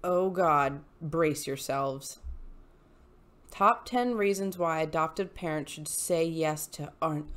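A woman hosts a casual commentary vlog, reading posts aloud and reacting in animated, exasperated rants. Her voice sits a bit low for a woman, and her delivery swings between outrage and wry asides. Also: takes it slowly. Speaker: YouTube host reading posts.

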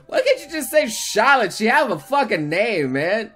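Brief: let's-play host, male, loud and crude, very lively pitch, soft game music underneath. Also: normal speed, hardly any pauses. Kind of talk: game commentary.

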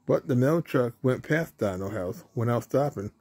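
A man reading a children's storybook aloud in a mellow, mid-pitched voice. His pace is unhurried and plain, with now and then a small slip or restart. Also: animated, a little hiss or hum. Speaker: storybook reader.

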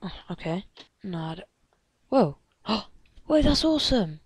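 A woman giving let's play commentary, excitable and gasping, chattering at game characters and dropping into hushed whispers. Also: medium pitch, a little slow, slightly rough, no room sound. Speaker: gamer.

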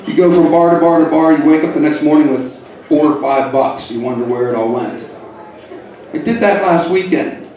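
A middle-aged man doing a stand-up comedy set, deadpan and teasing the crowd. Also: a little high, normal speed, dull audio, slight background noise. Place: comedy club in a hotel. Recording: echoey club from far off. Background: audience laughing.

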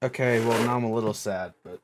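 A young man chatting with friends at his home gaming setup, with loud, animated trash talk and sudden yells. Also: mid-range voice, quick pace, background noise. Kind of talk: casual gaming chat.

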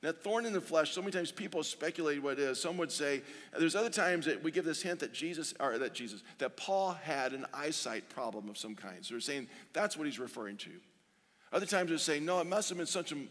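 A man preaching a sermon as pastor, earnest, slowing down to read scripture and repeating pleading phrases. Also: a little high, fairly bright tone. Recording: long reverb of a large hall.

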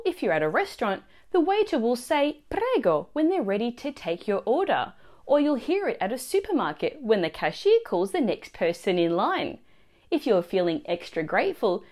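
A woman teaching a language lesson, explaining phrases and their pronunciation clearly and slowly. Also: a little high, darkish tone. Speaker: Italian teacher.

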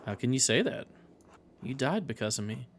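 A man's voice: mid-range voice, animated, normal speed. A man reading the lines of a guilt-ridden medieval artist in his own plain voice. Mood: sorrowful. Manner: reads the dialogue aloud plainly.

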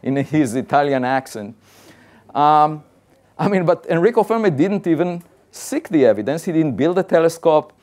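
A man's voice: fairly high pitch, lively intonation, normal speed, darkish tone. A man, an astrophysicist, giving a conversational public science talk and building his arguments point by point in a plain-spoken, insistent way.

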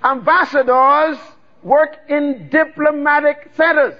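A man's voice: very high-pitched, steady tone, highs cut off. A man preaching a sermon, drawing out key words and calling for the congregation to repeat after him. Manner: call-and-response preaching, drawn-out emphatic words. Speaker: pastor.

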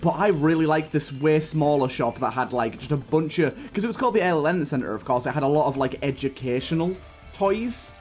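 A man's voice: a little high, lively intonation, a little fast, a little mellow. A young man hosting a gaming channel, rambling through a childhood story while grumbling at his run. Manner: rambling storytelling broken by frustrated outbursts at the game. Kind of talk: gaming commentary. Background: faint game music.

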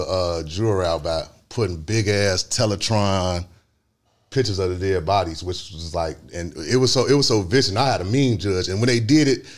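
A man speaks in a very low voice. He is a guest telling a long, rambling story. He drops into street slang and acts it out with sound effects. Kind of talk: storytelling interview.

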